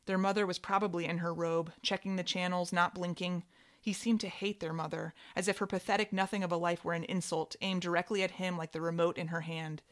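Woman narrator with a somewhat low voice, wry and measured, reading literary fiction. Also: level tone.

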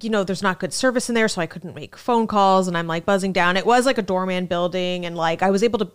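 Smooth-voiced woman comedian, chatty. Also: on the low side, fast. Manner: rambling, swears freely, acts out quotes. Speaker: stand-up comedian, podcast guest. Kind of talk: casual chat.

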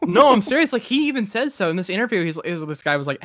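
A man's voice: high-pitched, sing-song, racing, few pauses. A man in a casual podcast chat, joking and swearing casually. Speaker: podcast co-host. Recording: dry, dull lo-fi sound.

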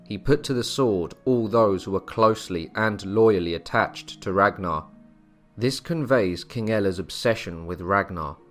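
A man with a lowish voice tells a historical story in a measured, scripted way. Soft music plays quietly behind him. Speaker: history narrator. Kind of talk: scripted narration.

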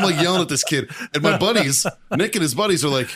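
A man co-hosting a podcast, telling a profane story in a casual, animated way and acting out the shouting in it. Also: a little high, very fast, hardly any pauses, breathy edge. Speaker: podcast co-host.

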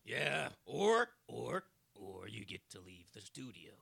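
A man's voice: mid-range voice, big pitch swings, slow, vocal fry, fairly bright tone, husky, dry recording, clean studio sound, full character voice. A man playing the Devil as a petty, mocking host of rigged games in an improvised comedy podcast. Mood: teasing. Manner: teasing, smug, cheats and mocks. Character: the male Devil, mocking, petty, gleefully unfair game host. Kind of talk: improvised comedy role-play.

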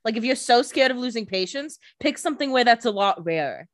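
A woman's voice: on the high side, lively intonation, fairly quick, no room sound, clean studio sound. A woman co-hosting a casual recap chat, giving wry, exasperated commentary. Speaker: podcast co-host.

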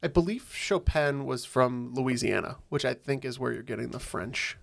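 A man playing along on a trivia podcast, deliberate and wry. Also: medium pitch, vocal fry. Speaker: quiz contestant. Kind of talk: casual chat.

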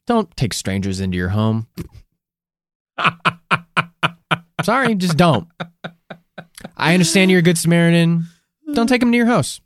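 A man's voice: a little high, sing-song, a little slow, pauses often, dry recording, clean studio sound. A man from the United States co-hosting a podcast in casual chat, swearing often and laughing. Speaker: podcast co-host.

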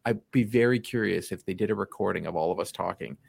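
A man's voice: low voice, fast, vocal fry, slightly rough, dry recording. A man with a slight Canadian accent, co-hosting a podcast in casual, rambling chat. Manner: rambling, animated storyteller. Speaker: podcast co-host.

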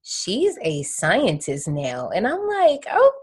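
A woman's voice: sits low, lively intonation, normal speed, a little mellow. A woman hosting a podcast, recapping a horror movie in slangy, playful, teasing casual chat. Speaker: podcast host.

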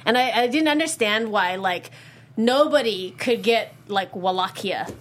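A woman's voice: medium pitch, a little slow. A young woman hosting a casual review podcast, opinionated and particular about how words are pronounced. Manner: animated, opinionated, fussy about pronunciation. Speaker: podcast host.

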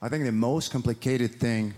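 A man with a French accent, a native French speaker, performing an animated, playful, self-mocking stand-up routine on a comedy stage. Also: mid-range voice, moderate pace. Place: comedy stage before a live audience. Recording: live show with audience noise.

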